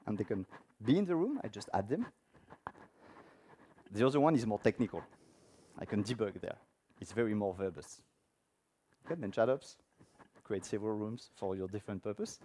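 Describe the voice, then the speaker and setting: A man's voice: fairly low pitch, animated, normal speed, long pauses, dark tone, a little hiss or hum. A man giving a technical conference talk with a live demo, speaking informally and asking the audience questions. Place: conference room before an audience.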